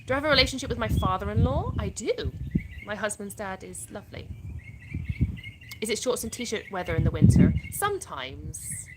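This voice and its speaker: A woman's voice: medium pitch, expressive, fairly quick, very noisy. An English woman hosting a casual live stream, reading viewers' questions aloud and answering them chattily. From England (born in the US). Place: outdoors in the sun.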